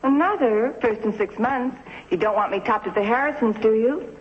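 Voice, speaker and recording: An actress playing a coaxing, worried wife. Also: female voice, fairly high pitch, moderate pace, close to an everyday voice. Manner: coaxing, pleading. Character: pleading, worried young wife. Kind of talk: 1950s TV drama acting. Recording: dull lo-fi soundtrack with long reverb.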